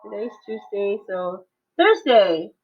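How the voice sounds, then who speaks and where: This woman speaks in a mid-range, sing-song voice and takes her time. She's a math teacher leading an online lesson over a video call, coaxing and quizzing students and often laughing, and the audio sounds tinny, like a phone.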